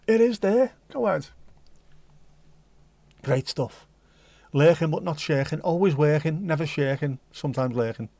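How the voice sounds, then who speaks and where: A man's voice: a little high, measured pace, long pauses, darkish tone, no echo. A middle-aged man with a Liverpool accent, hosting a livestream and chatting casually to his live chat with jokey, rambling asides. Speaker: livestream host.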